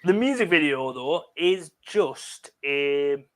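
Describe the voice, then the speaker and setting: A man's voice: on the high side, animated, slow, fairly bright tone. A man co-hosting a casual live stream, telling long, eager, rambling stories. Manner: enthusiastic, rambling storyteller. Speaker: co-host.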